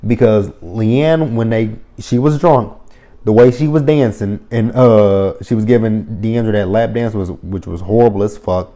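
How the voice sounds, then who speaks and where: A man's voice: fairly low pitch, a little slow, mellow. A man giving a casual, opinionated TV review, blunt and heavily profane, with lots of fillers like "you know" and "um". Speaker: reality TV reviewer. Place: lives near the area the show covers.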